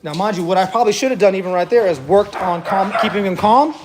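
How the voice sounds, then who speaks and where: Chill slangy dude training dogs, kinda high voice, far from mic, noisy echoey room. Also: male voice, quick pace. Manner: laid-back slangy banter, talks to dogs. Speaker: dog trainer. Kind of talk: live-streamed training session chat.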